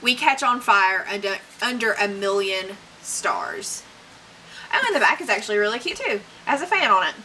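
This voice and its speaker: A woman's voice: mid-range voice, big pitch swings, moderate pace, bright, forceful tone, slight background noise, low-quality recording. A young woman unboxing books in a casual vlog, chatty and gushing, with fillers and little laughs. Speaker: book unboxing vlogger. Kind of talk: casual unboxing chat, reading blurbs aloud.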